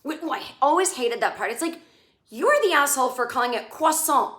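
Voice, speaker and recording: A woman's voice: high-pitched, expressive, a little fast, bright, forceful tone. A middle-aged woman giving a comedic recap of a TV episode, sarcastic and ranting, often mocking the characters' lines. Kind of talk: casual comedic monologue. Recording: echoey room.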